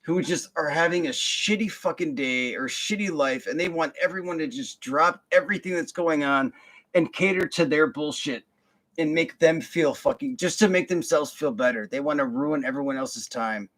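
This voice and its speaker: A man's voice: on the high side, normal speed, fairly bright tone. A young man telling a work story in a casual, profane, rambling rant full of fillers and restarts. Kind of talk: casual ranting monologue.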